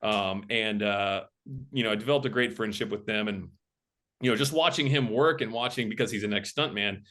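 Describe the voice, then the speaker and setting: Animated storytelling film director man. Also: fairly low pitch, brisk. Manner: animated, acts out quoted voices. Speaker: film director and camera operator as guest. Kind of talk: casual interview storytelling.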